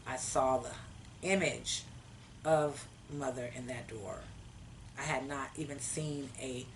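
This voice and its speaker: A woman telling a personal story in a casual, animated way, acting out her own past conversations. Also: sits low, recorded from a distance, a little hiss or hum, rough recording.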